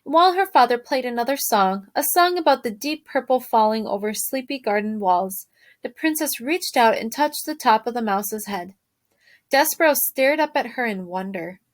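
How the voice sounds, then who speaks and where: A woman teacher reads a chapter book aloud to her class. Her voice sits a little high. She reads expressively and often pauses to put questions to her listeners. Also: expressive. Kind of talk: reading a storybook aloud to a class.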